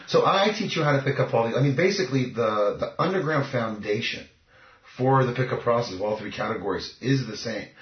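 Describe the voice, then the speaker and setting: Cocky guy coaching on dating, rapid and emphatic, sounds dull and lo-fi. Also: medium pitch, lively intonation. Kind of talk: casual interview talk. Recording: echoey, muffled lo-fi recording.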